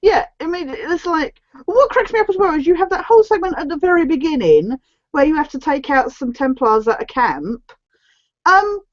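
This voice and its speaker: A woman co-hosting a casual chat about games, agreeable and quick to chime in with "yeah". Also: high voice, very animated, no room sound, lo-fi sound. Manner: agreeable, frequent "yeah" backchannels. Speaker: co-host.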